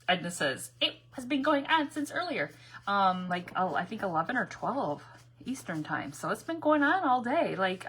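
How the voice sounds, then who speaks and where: Bright-voiced chatty woman crafting live. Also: medium pitch, husky. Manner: chatty and laughing, greets viewers by name, sometimes talks loudly. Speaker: live-stream crafting host. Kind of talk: casual live-stream chat while crafting. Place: home craft room.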